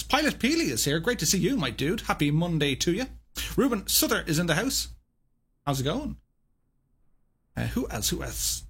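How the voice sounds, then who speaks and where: A man's voice: on the high side, fairly bright tone, breathy edge. A man hosting a live stream, reading out chat greetings in an upbeat, chummy way and chuckling often.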